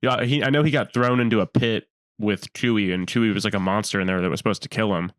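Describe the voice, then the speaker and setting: A man's voice: lowish voice, fairly even intonation, fast talker, no room sound, clean studio sound. A young man co-hosting a podcast in casual chat, airing blunt, opinionated takes with fillers. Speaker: podcast co-host.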